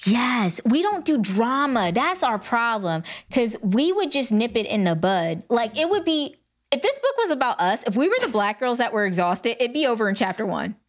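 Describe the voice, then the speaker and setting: A young adult woman co-hosting a casual book chat, an animated storyteller who acts out quotes and laughs often. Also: on the high side, moderate pace. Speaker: book podcast co-host.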